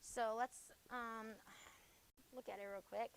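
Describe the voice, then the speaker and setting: A woman teaching a junior high grammar review in a classroom, firing quick questions at the class and ending points with "okay?". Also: fairly even intonation, vocal fry, noisy background.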